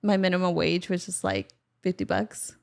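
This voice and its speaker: Young woman on a podcast, smooth clear voice, laid back. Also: on the low side, normal speed. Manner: relaxed, many "like" fillers. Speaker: podcast guest. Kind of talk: casual interview answers. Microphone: studio microphone.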